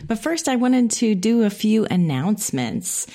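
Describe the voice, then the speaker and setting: A woman's voice: mid-range voice, sing-song, a little slow, dark tone. A middle-aged woman from Indiana hosting a podcast, making casual, friendly, self-deprecating announcements. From Indiana, USA. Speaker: podcast host.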